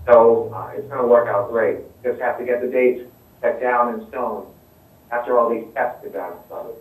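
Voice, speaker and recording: Relaxed man on a distant, roomy line. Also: mid-range voice, moderate pace. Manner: easygoing, relaxed talk with many fillers. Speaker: guest. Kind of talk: casual chat. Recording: roomy, distant remote audio.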